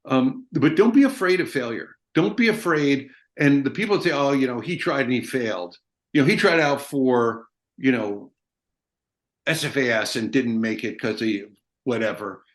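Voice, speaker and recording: A middle-aged American man, an army veteran appearing as an interview guest, speaks at normal speed in a mid-range voice. His casual talk is blunt and emphatic, and he swears freely.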